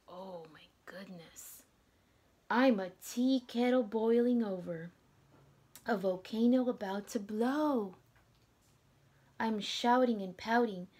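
Slow, husky-voiced woman teacher reading. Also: a little high. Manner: gentle, drops to whispers, asks the children questions. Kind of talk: reading a picture book aloud to children.

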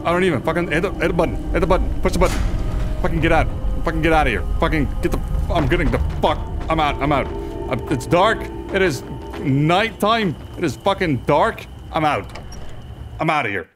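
Excitable swearing gaming host. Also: male voice, fairly high pitch, brisk, music in the background. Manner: profane, excitable, talks to the game. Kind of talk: casual let's play commentary.

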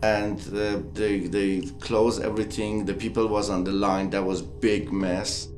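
A man from Iran, giving a documentary interview in halting English full of restarts. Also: fairly low pitch, flat delivery, a little mellow, roomy sound, faint music behind. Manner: halting non-native English with frequent restarts. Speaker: interviewee artist.

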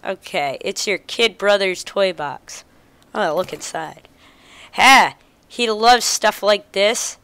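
Slow-talking woman gamer, casual. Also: mid-range voice, lively intonation, bright, forceful tone, clear, resonant tone, no room sound. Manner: reads game text aloud, chuckles. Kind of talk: let's play commentary.

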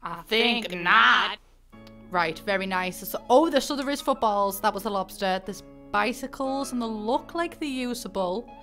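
A woman in her twenties with a Northern English accent, chatting excitedly as she reacts to a game trailer for her channel. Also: fairly high pitch, moderate pace, faint music behind. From northern England. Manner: chatty, excitable, rambling asides. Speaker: gaming YouTuber.

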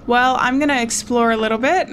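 A woman's voice: on the high side, fairly quick, a bit bright, slight background noise. A woman giving playful, chatty commentary as she plays a video game, talking to the characters and her viewers. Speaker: gaming streamer. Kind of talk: let's play commentary. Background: game music.

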